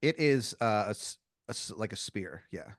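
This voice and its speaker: A man's voice: lowish voice, expressive, normal speed, no echo. Rambling male podcast storyteller, dry sound. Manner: rambling, full of fillers and restarts. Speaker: podcast co-host. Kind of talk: improvised comedic storytelling.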